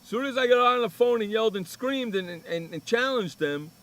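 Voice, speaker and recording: A man's voice: sits high, expressive, brisk, a bit bright. A man hosting a sports radio show, telling a profane, ranting story in casual chat.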